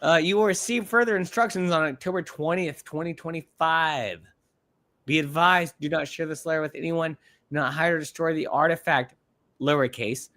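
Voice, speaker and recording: A man co-hosting a casual live podcast, reading a document aloud and breaking in with animated, swearing asides. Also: fairly high pitch, moderate pace. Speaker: podcast co-host.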